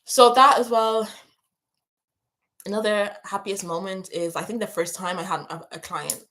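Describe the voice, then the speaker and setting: A woman's voice: medium pitch, fairly even intonation, normal speed, fairly bright tone, slight background noise. Young female livestream host, casual, emotional, rambling chat with her audience. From moved to England from abroad. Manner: chatty, emotional, many fillers and restarts. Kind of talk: casual livestream chat, reading viewer questions.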